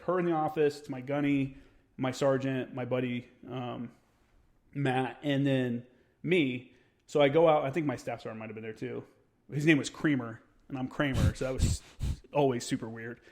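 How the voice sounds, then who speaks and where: A young man in casual podcast conversation, his pitch sitting squarely in the middle. He tells a story with plenty of swearing and acts out every quoted line. The storytelling keeps moving. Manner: profane, animated storyteller who acts out quotes. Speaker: podcast guest.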